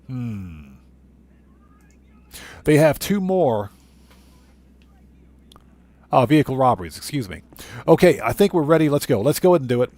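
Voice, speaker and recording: A man hosting a live gameplay stream, trash-talking rival players and giving loud shout-outs to chat members. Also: mid-range voice, lively intonation, quick pace, dry recording. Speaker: livestream host.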